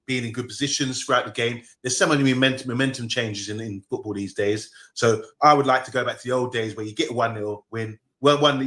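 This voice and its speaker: A man's voice: mid-range voice, a bit bright. A man co-hosting a fan show, giving easygoing, rambling analysis of a match. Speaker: co-host pundit. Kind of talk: casual football chat.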